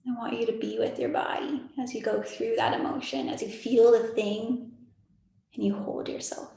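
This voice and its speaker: A young woman in her twenties guides a meditation over a video call, her voice soft, soothing and a little high. She repeats gentle reassurances and keeps slipping in casual filler words. The call sounds very echoey, as if she is in a bare, hollow room. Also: level tone, normal speed, vocal fry. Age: 20s. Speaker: spiritual meditation leader. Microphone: video call microphone.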